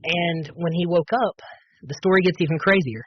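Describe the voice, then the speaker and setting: Husky man telling an earnest testimony. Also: on the high side, normal speed, no room sound, lo-fi sound. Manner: earnest storytelling with many fillers and restarts. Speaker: podcast guest. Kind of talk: personal testimony.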